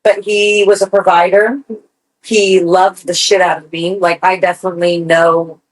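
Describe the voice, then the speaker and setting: A woman co-hosting a podcast, telling a personal story in casual chat, animated and swearing freely. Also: fairly low pitch, normal speed, poor audio. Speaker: podcast co-host.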